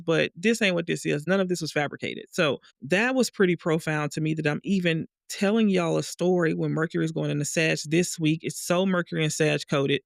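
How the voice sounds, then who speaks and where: A woman telling a dream story in a casual monologue, acting out the other people in higher voices. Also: creaky, dry recording, clean studio sound. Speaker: vlogger sharing a dream and astrology.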